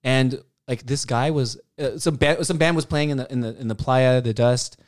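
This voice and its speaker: A man's voice: medium pitch, normal speed. A young man telling stories on a podcast in casual chat, acting out quoted voices and laughing often.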